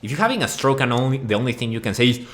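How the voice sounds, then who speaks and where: A man's voice: mid-range voice, very animated, rapid-fire. A man from Mexico giving a profane, mock-outraged and rambling comedic rant over slides. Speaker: video essayist.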